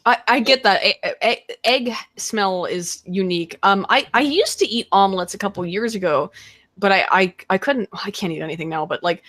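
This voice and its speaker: A woman's voice: medium pitch, normal speed, fairly bright tone. A woman hosting a casual chat stream, emphatic and swearing freely. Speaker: stream host.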